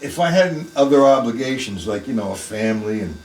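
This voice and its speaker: A man's voice: mid-range voice, animated, fairly quick, a little mellow, roomy sound, distant mic, rough recording. A man teaching a live online drum lesson, plain-spoken and emphatic, talking through the strokes as he plays them in his practice room.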